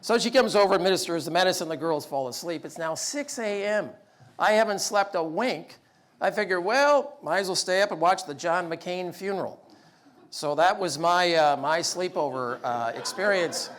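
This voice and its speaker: A man's voice: high-pitched, moderate pace. A middle-aged man giving a humorous storytelling talk, acting out dialogue in a raised voice. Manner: animated, acts out dialogue in raised voice. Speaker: speaker telling stories.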